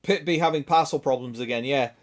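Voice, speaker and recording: A man's voice: medium pitch, fast talker. A man with a British accent chatting casually on a gaming stream, sweary and chuckling as he talks to his viewers.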